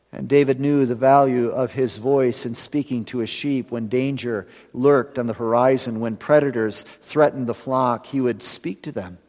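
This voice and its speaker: A man preaching a sermon earnestly, building to emphatic lines and then dropping to a hushed close. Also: mid-range voice, in a large hall.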